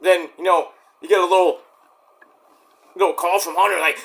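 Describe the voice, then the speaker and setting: A man's voice: sits high, steady tone, moderate pace, vocal fry, long pauses. A man ranting casually about wrestling, profane and rambling, acting out quoted voices along the way. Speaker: wrestling commentary vlogger. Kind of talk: casual rant.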